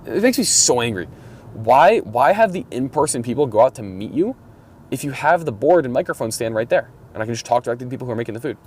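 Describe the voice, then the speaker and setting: A man's voice: medium pitch, darkish tone. A young man rambling casually and profanely while driving, griping with mumbled, exasperated energy. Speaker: vlogger. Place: in a car, driving. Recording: faint road noise in a car. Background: vehicle noise.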